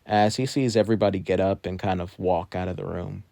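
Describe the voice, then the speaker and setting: A man's voice: sits low, steady tone, a little fast, creaky, warm tone. A man narrating an improvised fan story in a rambling way, full of "kinda" and "you know.".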